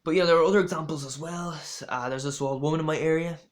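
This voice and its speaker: A man's voice: on the high side, fairly even intonation, fast talker. A young man rambling through a casual storytelling monologue with lots of fillers and restarts. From Ireland. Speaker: vlogger.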